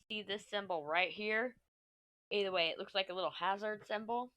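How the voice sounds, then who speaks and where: A crafting vlogger in her thirties from Texas talks in a mid-range voice that sounds pushed and bright. She has a mix of Texan and New York accents and chats casually as she crafts, rambling and swearing casually. Recorded on a desk mic, the sound has no echo.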